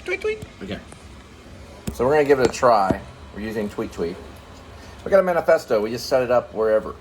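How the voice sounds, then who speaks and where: A man's voice: medium pitch, animated, quick pace. Middle-aged guy rambling at the dinner table, loses his thought a lot, bit of noise behind. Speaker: vlog co-host. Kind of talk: casual home chat over a meal.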